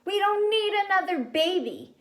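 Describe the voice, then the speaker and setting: A woman's voice: extremely high pitch, big pitch swings, normal speed, pitched above the performer's own voice, heavily acted. A woman voicing a sulky, angry boy of about twelve in a storybook reading. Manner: sulky and loud.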